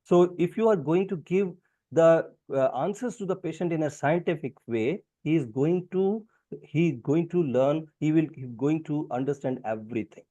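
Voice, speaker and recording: A man's voice: fairly high pitch, normal speed, dark tone. A middle-aged man with an Indian English accent, a diabetologist explaining clinical scenarios step by step on a webinar in an emphatic, teaching manner. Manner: emphatic, didactic, lecturing in steps. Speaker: diabetologist panelist. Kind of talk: webinar talk.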